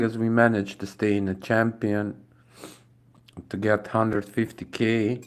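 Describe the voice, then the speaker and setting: A man's voice: on the low side, unhurried, clear, resonant tone. A young man with a Dutch accent, speaking English as a second language, casually commenting on his mobile racing game while tired and yawning. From Netherlands. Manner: relaxed, thinking aloud to viewers.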